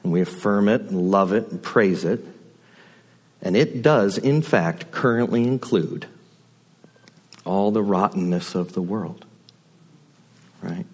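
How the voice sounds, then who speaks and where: A man's voice: low voice, takes it slowly, long pauses, darkish tone, slightly rough. A man giving a sermon from a church pulpit, conversational and reflective, with folksy asides. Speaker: guest speaker at the pulpit. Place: church sanctuary.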